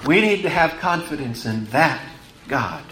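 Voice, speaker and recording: A man preaching a sermon, emphatic, repeating words for stress and rising, then dropping to hushed tones. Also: fairly high pitch, lively intonation, a little slow, roomy sound, a little hiss or hum.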